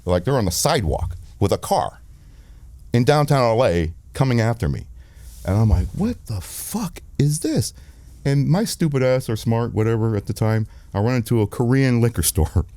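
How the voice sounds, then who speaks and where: Brief: man, 50s, director guest, low mellow voice, dry close sound, profane and animated storyteller. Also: moderate pace, no echo. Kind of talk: candid storytelling interview.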